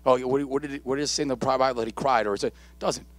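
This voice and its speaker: A male pastor preaching a live church sermon with impassioned repetition and calls to the congregation, at times shouting, at times dropping low. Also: fairly even intonation, racing, no room sound. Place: church sanctuary during a live service.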